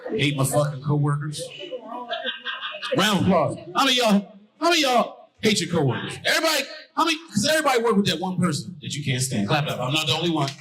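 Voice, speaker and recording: Loud, profane man doing stand-up. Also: on the high side, wildly swooping pitch, fast, poor audio. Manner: loud, profane, crowd-baiting storytelling. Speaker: stand-up comedian. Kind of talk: stand-up comedy set. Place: comedy stage before a live audience. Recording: live crowd laughter and applause. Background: audience laughing and clapping.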